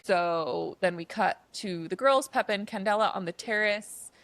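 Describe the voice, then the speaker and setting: A woman's voice: medium pitch, moderate pace, a bit bright, no echo. A woman co-hosting a podcast, casually retelling a movie's plot in a chatty way, with lots of "like" and "um" fillers. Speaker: podcast co-host.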